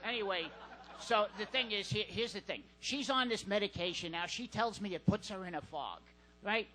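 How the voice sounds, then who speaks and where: High, bright-voiced deadpan comic man. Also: rough recording. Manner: deadpan, halting with fillers. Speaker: stand-up comedian. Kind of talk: stand-up set. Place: comedy club stage.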